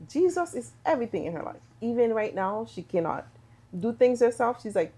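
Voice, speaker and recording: A woman's voice: fairly high pitch, big pitch swings, a little fast, warm tone, slightly rough. A middle-aged woman from Haiti, a business owner and podcast guest, speaking earnestly and repeating words for emphasis. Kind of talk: casual podcast conversation.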